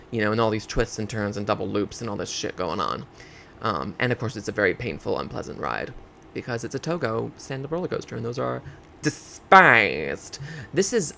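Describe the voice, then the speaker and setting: A man's voice: medium pitch, gravelly, pushed and bright. Campy guy rambling over his game footage, voice bouncing all over, faint hiss behind. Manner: campy, chatty, drag slang; rambling with fillers and self-checks. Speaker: game video creator. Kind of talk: casual gameplay commentary.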